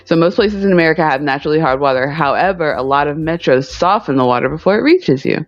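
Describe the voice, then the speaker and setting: Low-voiced woman chatting wryly. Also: lively intonation, fast, dull audio, faint music behind. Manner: chatty and wry, laughs easily. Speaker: livestream co-host. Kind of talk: casual chat. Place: at home.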